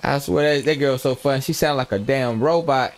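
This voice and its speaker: A man's voice: mid-range voice, moderate pace. A young man streaming a role-play game, chatting casually, telling stories in slangy, profane talk and laughing often. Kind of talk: casual gameplay chat.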